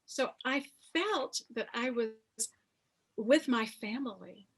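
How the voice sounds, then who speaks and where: Woman, 50s, author in an interview; husky, unhurried storyteller. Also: on the high side, lively intonation, fairly bright tone. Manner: slow, reflective storytelling with many pauses. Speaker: author interviewed about her memoir.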